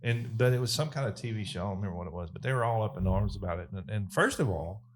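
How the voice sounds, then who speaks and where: A man's voice: fairly low pitch, slight background noise. A man chatting casually on a podcast, joking and restarting his sentences. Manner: jokey, halting, restarts often. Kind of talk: casual chat.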